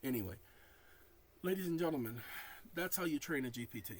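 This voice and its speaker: Tired man, lively rising and falling voice. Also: mid-range voice, fairly quick, pauses often, a little hiss or hum, poor audio. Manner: dictates punctuation aloud while reading. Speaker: channel host. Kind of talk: casual talk to camera.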